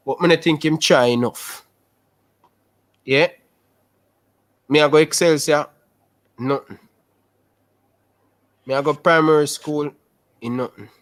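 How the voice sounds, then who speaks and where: A young man with a Jamaican Patois accent, telling his life story in a casual interview over a video call, animated and repetitive. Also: mid-range voice. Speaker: interview guest.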